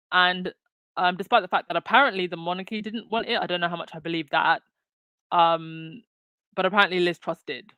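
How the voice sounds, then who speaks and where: A woman's voice: lowish voice, bright, forceful tone, clear, resonant tone, dry recording. A woman hosting her own commentary channel, talking casually with lots of fillers and restarts. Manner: chatty, many fillers and restarts. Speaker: channel host.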